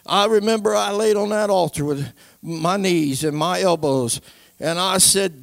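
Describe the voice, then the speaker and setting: A man with a high, gravelly voice gives an emphatic church testimony in plain folksy speech. The sound is close and dry, with no room around it. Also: a little slow, a bit bright, no echo. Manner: emphatic, repeats "I'm telling you"; folksy nonstandard grammar. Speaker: church speaker giving testimony.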